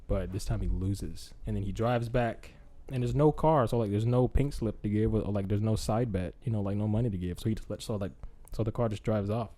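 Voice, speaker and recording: Rambling young man pitching a story. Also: a little fast, dark tone. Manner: rambling, filler-heavy storytelling with acted-out lines. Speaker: podcast host. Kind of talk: casual chat.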